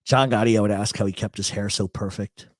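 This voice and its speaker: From his apartment in a big city, a middle-aged host runs a casual livestream, reading chat comments and telling rambling, joking, profane stories. His voice is on the low side with a steady tone and a fairly quick pace, and there's no room sound.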